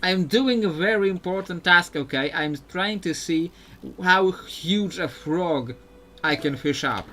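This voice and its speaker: A man's voice: high-pitched, a little slow, pushed and bright, slight background noise. Chatty man thinking aloud while gaming. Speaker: streamer playing a video game. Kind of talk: live gameplay commentary.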